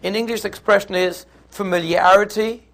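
A man teaching a Torah class, lively and conversational, who acts out little scenes in voices. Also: high-pitched, a little fast, vocal fry. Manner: animated, acts out the quarrel in put-on voices.

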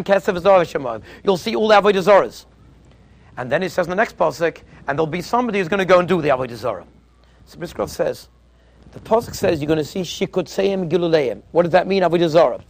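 A man giving a Torah lecture as a teacher, an emphatic and animated storyteller. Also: high voice, vocal fry.

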